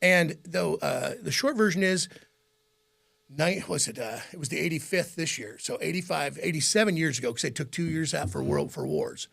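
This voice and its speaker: A middle-aged man whose voice is deeply gravelly and rough. He tells long, rambling stories in a relaxed interview and often breaks into laughter. His pitch sits a little higher than most men's. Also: moderate pace. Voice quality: gravelly, raspy. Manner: rambling, animated anecdotes with frequent laughs. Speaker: radio host as guest. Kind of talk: casual interview storytelling.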